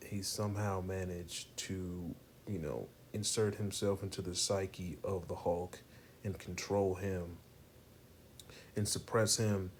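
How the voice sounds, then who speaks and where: A man casually reviewing a comic book issue from home, rambling and animated, with lots of "you know what I'm saying.". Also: deep voice, a little hiss or hum. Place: home room with lighting and a poster.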